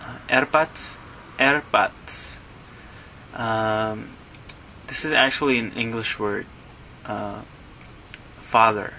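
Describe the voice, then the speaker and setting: Man, slow teaching delivery, bright tone, repeats each word, um and uh fillers. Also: on the low side, slight background noise, poor audio. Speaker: language teacher. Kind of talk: slow teaching of slang words.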